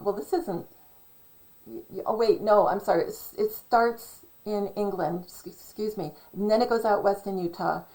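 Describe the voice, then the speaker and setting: A woman's voice: medium pitch, darkish tone, poor audio. A woman hosting her own channel, talking in a casual, rambling monologue that keeps correcting itself and drifting off track. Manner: chatty, self-correcting, digressive. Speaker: channel host.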